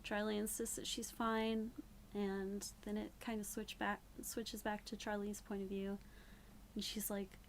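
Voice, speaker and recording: A woman's voice: mid-range voice, little pitch movement, a little slow, slight background noise. A young woman recapping a book in a casual, sarcastic, rambling way, a bit tipsy. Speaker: book reviewer. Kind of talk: casual spoken book review.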